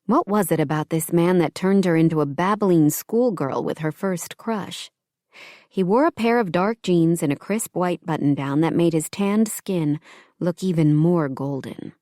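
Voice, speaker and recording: A woman reading an audiobook romance in calm, even scripted narration. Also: fairly low pitch, measured pace, no room sound, clean studio sound.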